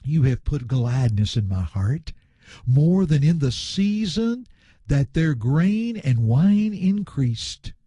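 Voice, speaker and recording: A man's voice: on the high side, very animated, dark tone, husky, no room sound, clean studio sound. A man preaching a Bible lesson, reading verses aloud and explaining them to his friends in an earnest way. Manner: slow, earnest, reads scripture aloud and explains words. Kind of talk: Bible teaching sermon.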